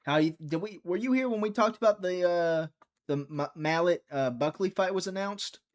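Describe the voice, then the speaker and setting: A man's voice: high-pitched, normal speed. A young man hosting a live fight-watching stream, chatty and teasing, reading viewer chat aloud.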